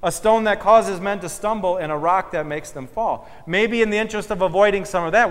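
Emphatic preacher in a reverberant church. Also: male voice, high voice. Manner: emphatic, swells loud then drops soft and slow. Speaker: pastor. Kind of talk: sermon. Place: church sanctuary.

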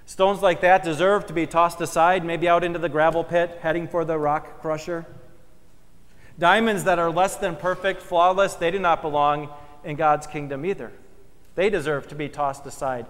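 A man preaching a sermon as pastor, emphatic, swelling loud and then dropping soft and slow for weight. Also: on the high side, steady tone. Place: church sanctuary. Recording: long church reverb.

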